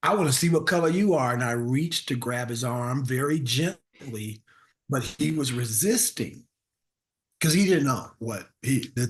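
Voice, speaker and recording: A man, a comedian, telling a self-deprecating story in conversation and acting out the voices of the people in it. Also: mid-range voice. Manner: animated, acts out voices of people in his stories. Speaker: comedian guest.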